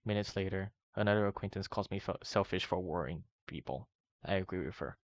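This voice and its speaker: A man reading a long first-person document aloud in a steady, even way. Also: low voice, a little fast, no echo. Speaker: reader. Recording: dry, muffled lo-fi voice recording.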